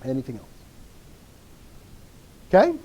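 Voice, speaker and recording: A man teaching a classroom lesson on Greek accents, drilling students with repeated questions and bursting into animated enthusiasm. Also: medium pitch, slow, highs cut off. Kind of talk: classroom lecture.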